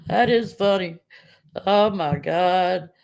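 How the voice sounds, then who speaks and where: A woman's voice: deep voice, expressive, a little slow. A woman, chatting casually on a livestream, rambling and laughing often. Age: 50s. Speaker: livestream host.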